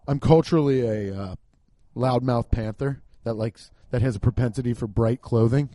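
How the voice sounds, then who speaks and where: A man's voice: medium pitch, normal speed, dry recording. A man from Cincinnati rambling through a casual comedic monologue, swearing and laughing as he goes. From Cincinnati, US Midwest. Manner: rambling, profane, laughs often, animated.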